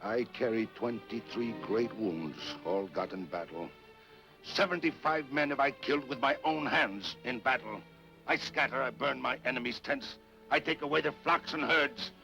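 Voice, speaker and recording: A man's voice: medium pitch, normal speed, sharp tone, soft background music. An actor playing a proud, fierce desert warrior chieftain who declaims his deeds grandly. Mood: boastful.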